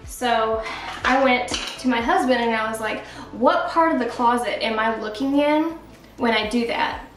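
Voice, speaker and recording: Chatting away with plenty of fillers, a young woman tells stories in a casual vlog from her home art studio. She speaks a little slowly in a voice on the high side. The roomy, distant recording has soft music playing beneath her.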